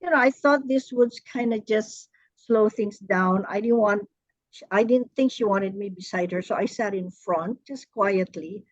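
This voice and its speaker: A woman earnestly recounting a painful personal story in a workshop, hesitant and halting, with frequent restarts. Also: medium pitch, dry recording, dull audio. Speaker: workshop participant.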